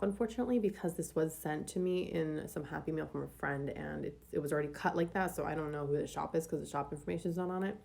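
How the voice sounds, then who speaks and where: A young woman chats through her weekly planner layout in an easygoing, rambling way, stopping often for ums and likes. Her voice sits low and sounds dark, with a gravelly edge. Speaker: planner vlogger. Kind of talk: casual planner decorating voice-over.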